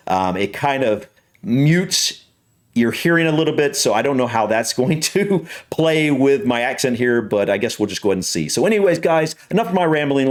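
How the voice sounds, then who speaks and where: American man, mid-range voice, casual rambling chat, lots of "you know" and "um". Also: medium pitch. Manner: rambling, full of fillers and restarts. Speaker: reaction video host. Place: upstairs room at home.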